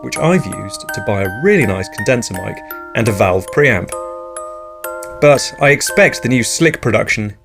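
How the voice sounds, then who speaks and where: A man hosting an absurdist comedy podcast, delivering whimsical nonsense in a deadpan way. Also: fairly low pitch, normal speed, creaky, music in the background. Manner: deadpan, whimsical, jumps into silly voices. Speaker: podcast host.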